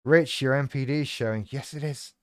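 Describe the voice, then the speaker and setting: A man hosts a live stream, chatting in a rambling, irreverent, sweary way as he reacts to viewers' comments. His voice is medium-pitched and brisk, with studio quality and no room sound.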